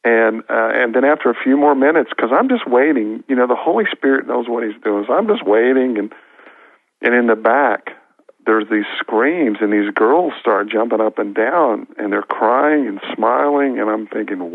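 A man, a minister, telling a long earnest story with halting restarts and acted-out quotes, heard over a phone line. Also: medium pitch, gravelly, dry recording. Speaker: guest minister. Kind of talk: storytelling testimony. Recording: tinny phone-line audio.

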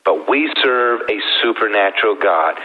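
A middle-aged man telling his personal story as a guest, earnest and heartfelt with slow pauses. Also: lowish voice, lively intonation. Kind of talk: emotional personal testimony. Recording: thin phone-like sound.

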